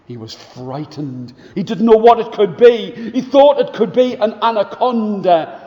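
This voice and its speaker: A man storytelling to schoolchildren with a rather high voice and an unhurried pace, pausing to get them joining in. His voice carries a long reverb from a large school hall. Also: muffled recording. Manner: animated, drawing the children in to join the actions.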